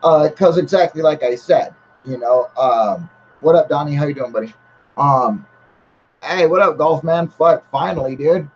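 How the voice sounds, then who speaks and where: A man runs a casual livestream, chatting with viewers bluntly and with heavy profanity, rambling with many fillers. His voice is fairly high and darkish at normal speed. The recording is slightly muffled with a faint hiss.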